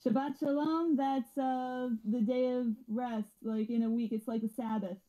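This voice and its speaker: A woman in a livestream group chat, calmly explaining the meaning of words in a casual way. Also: fairly high pitch, measured pace. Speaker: show regular. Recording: tinny phone-like line.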